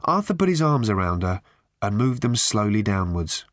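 Man reading a book aloud, wry and lively, dry studio sound. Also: lowish voice, moderate pace, no echo. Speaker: audiobook narrator. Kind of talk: scripted narration.

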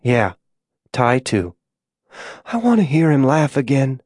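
A woman's voice: extremely low pitch, big pitch swings, takes it slowly, darkish tone, husky, full character voice. A man voicing a dying, delirious woman who mumbles and pleads weakly in an audiobook. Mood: faint, pleading. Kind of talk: audiobook character voice.

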